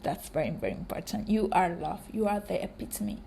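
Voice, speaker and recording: A young woman hosting a casual solo podcast, her voice hoarse and cracking, rambling with frequent ums and offering warm affirmations to listeners. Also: medium pitch, brisk, a little hiss or hum. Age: young adult. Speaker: podcast host.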